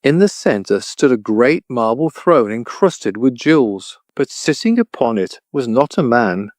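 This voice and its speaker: A man narrating a children's storybook audiobook in an even, clear storytelling voice. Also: mid-range voice, a little slow, no echo, clean studio sound.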